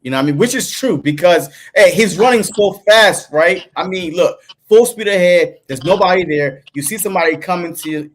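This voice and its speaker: Chill guy on a sports podcast, kinda high voice, says "man" a lot. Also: expressive, fairly quick, few pauses. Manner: laid-back, fills with "man". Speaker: podcast co-host. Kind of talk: casual sports talk.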